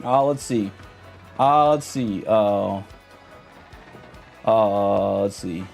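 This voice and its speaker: A man's voice: fairly low pitch, extremely slow, gravelly, a little mellow, soft background music. A man livestreaming a game, chatting casually in a laid-back, slangy way and greeting viewers. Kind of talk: casual live-stream chat.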